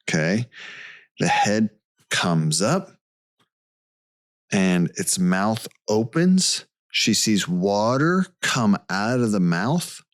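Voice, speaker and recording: A man's voice: deep voice, no room sound. A man co-hosting a podcast, retelling a case step by step in a casual way and checking in with "okay" as he goes. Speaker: podcast co-host. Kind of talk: casual storytelling chat.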